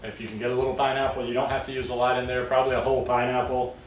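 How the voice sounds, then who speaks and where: A man's voice: mid-range voice, flat delivery, very fast, slight background noise. A man chatting casually as a vlogger at his home, rambling and full of fillers. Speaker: vlogger making smoothies. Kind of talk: casual chat. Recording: roomy, distant mic, faint ambience.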